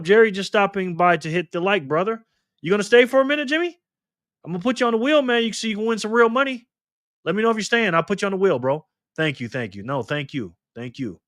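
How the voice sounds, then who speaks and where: A man's voice: medium pitch, no room sound, studio quality. A man hosting a casual live stream, greeting viewers by name and reading their chat messages aloud in an upbeat, loose way. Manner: loose delivery with fillers and laughs.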